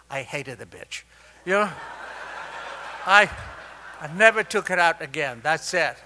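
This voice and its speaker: An older man from Argentina with an Argentine Spanish accent, telling his life story at a recovery meeting in an animated, humorous, confiding way. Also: fairly high pitch, unhurried, pauses often, noisy background. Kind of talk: personal storytelling talk.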